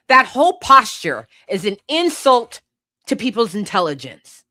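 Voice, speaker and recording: A woman's voice: fairly high pitch, big pitch swings, measured pace, bright, forceful tone, dry recording, studio quality. A woman hosting a podcast, ranting about politics in a heated, profane way and sometimes laughing at herself. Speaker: podcast host.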